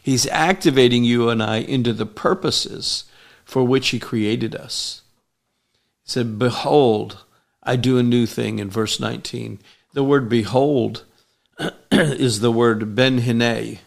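A man preaching a sermon, rising loud and emphatic on key lines. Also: mid-range voice, takes it slowly, creaky.

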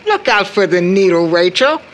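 A woman playing a tired, proper middle-aged mother who gently scolds her daughter in a stage play reading. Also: medium pitch, very animated, moderate pace, soft background music, close to an everyday voice, poor audio. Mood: reproving. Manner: reproving, prim.

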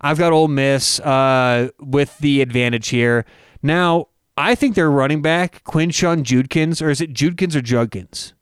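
A man co-hosting a sports betting show, breaking down college football picks in an energetic, excitable way. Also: fairly high pitch, unhurried, clear, resonant tone, no room sound, studio quality. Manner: energetic, excitable, with sudden loud cheers. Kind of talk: casual sports betting chat.

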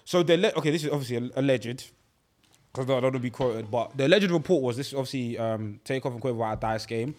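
A man's voice: mid-range voice, quick pace. A man, a podcast co-host in casual chat, telling stories with many restarts. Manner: animated, restarts mid-phrase while telling a story.

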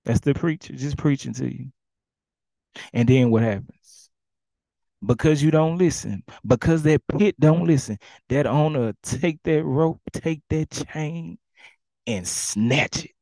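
Gravelly preaching man, dark tone. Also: a little high, takes it slowly, no echo. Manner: preaches in casual dialect, acting out commands and swinging between loud and hushed. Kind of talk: sermon.

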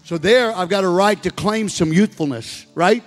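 A man in his sixties, a pastor preaching a sermon and building to loud exhortation. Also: high-pitched, moderate pace. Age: 60s. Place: church sanctuary. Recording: long reverb of a large hall with music.

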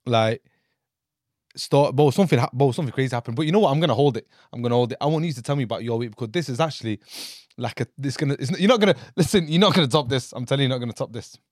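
A young man co-hosting a casual podcast, animated and excitable, often laughing. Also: medium pitch, very fast, no room sound, studio quality. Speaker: podcast co-host.

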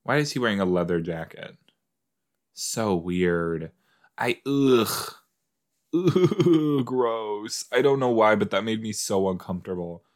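Podcast guy watching an episode, lowish voice, slow and chatty, talks back at the screen. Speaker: podcast host. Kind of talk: casual watch-along commentary.

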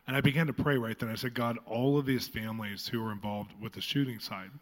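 Fast-talking, chatty male host. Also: mid-range voice, fairly even intonation. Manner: enthusiastic, chatty. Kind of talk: hosting a live interview.

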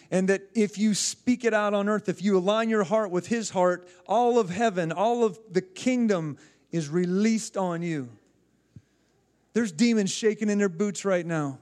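A man's voice: high-pitched, darkish tone. A man preaching a fiery sermon, emphatic and full of rhetorical questions.

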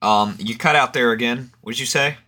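A man's voice: medium pitch, a little fast, pushed and bright. A man co-hosting a casual podcast, joking and laughing with crude humor while talking over a remote call. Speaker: podcast co-host.

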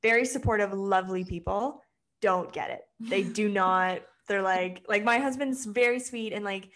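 A woman's voice: mid-range voice, normal speed. A woman guest on a podcast, a mindset coach, chatting casually and animatedly. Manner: animated, swings into playacted quotes. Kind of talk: casual chat.

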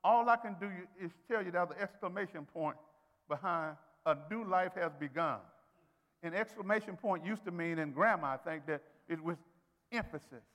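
A high-pitched preacher man delivering a call-and-response sermon. His voice swings from soft asides to ringing shouts, with a long reverb from the church sanctuary. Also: normal speed. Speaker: pastor.

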